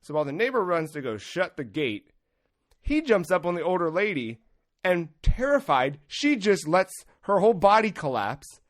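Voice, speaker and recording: Animated, cursing podcast host telling a story. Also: male voice, high-pitched, normal speed. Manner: profane, animated, acts out quotes. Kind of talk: casual storytelling.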